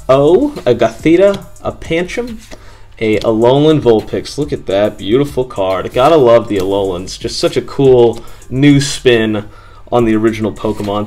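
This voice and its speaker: A man hosting a casual video, chatting excitedly to viewers as he opens packs of cards. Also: medium pitch. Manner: excited, upbeat, addresses viewers. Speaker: card-opening video host.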